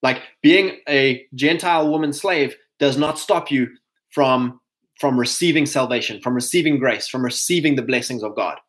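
A man with a South African accent, talking in a casual monologue, animated and mocking, breaking into put-on voices and laughs. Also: mid-range voice, moderate pace, low-quality recording. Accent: South African English.

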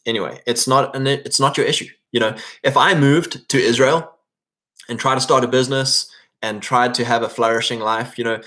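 A man's voice: medium pitch, fairly even intonation, normal speed, a bit bright. A man from England, preaching an informal sermon in a conversational way, often checking in with "right?" and restarting his phrases.

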